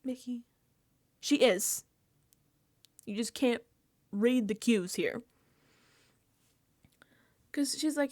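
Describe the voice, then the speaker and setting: A woman's voice: a little high, a little slow, pauses often, a little mellow. A woman hosting a casual reality TV recap, talking animatedly, laughing often and acting out quoted lines.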